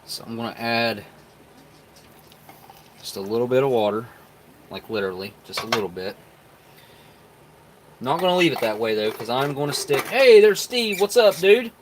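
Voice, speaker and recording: A man's voice: medium pitch, normal speed, long pauses, a little hiss or hum. Folksy man chatting on a live stream. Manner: chatty, folksy, talks to viewers while tasting. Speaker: live stream host reviewing military rations. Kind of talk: casual live-stream chat.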